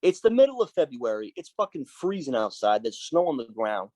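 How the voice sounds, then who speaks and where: A man who is a biker club's sergeant at arms tells stories as a podcast guest. He swears often and acts out the dialogue of the people in his stories. His voice is mid-pitched and sounds dry and close, with no room echo. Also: big pitch swings, brisk, darkish tone. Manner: profane, vivid storyteller who acts out quoted dialogue. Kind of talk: storytelling in a casual interview.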